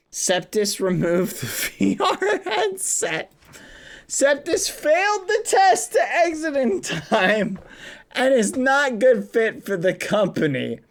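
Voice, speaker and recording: A man on a livestream reads viewer stories aloud, giggling often and swapping swears for silly words. He talks slowly, and his pitch swings widely and playfully. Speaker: streamer.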